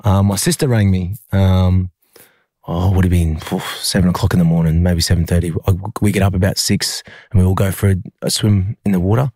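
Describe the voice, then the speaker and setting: An Australian man, a rugby league player, telling a painful personal story in an interview, halting with many fillers and restarts. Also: deep voice, steady tone, warm tone, no room sound, clean studio sound.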